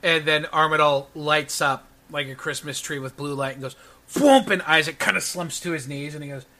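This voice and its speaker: A man's voice: a little high, steady tone, brisk, noisy background. A man narrating as game master in casual talk. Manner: casual, narrating actions with many "he goes".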